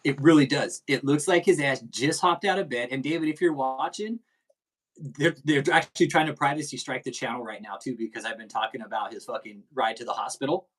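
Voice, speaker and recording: A man's voice: mid-range voice, brisk, low-quality recording. A man hosting a live stream, talking in a profane, combative, rambling way. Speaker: stream host. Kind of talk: casual live-stream commentary.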